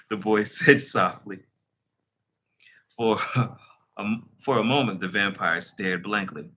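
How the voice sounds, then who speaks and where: A man's voice: on the low side, slow, pauses often, pushed and bright, breathy edge, rough recording. A man hosting a casual storytime, reading a novel aloud with slips, self-corrections and chatty asides. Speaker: channel host reading aloud.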